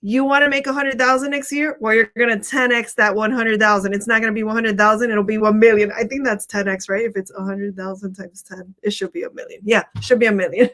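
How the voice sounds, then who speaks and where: A woman's voice: medium pitch, steady tone, fast, a bit bright. A woman hosting a casual livestream. She talks chattily and laughs at herself often. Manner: giggly, chatty, self-conscious. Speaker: host.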